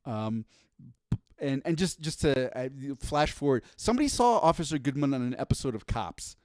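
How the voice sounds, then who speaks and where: A mid-range male voice at normal speed, this podcast co-host stumbles through a casual story, restarting often and laughing along the way. He's animated, and the studio-quality recording has no echo.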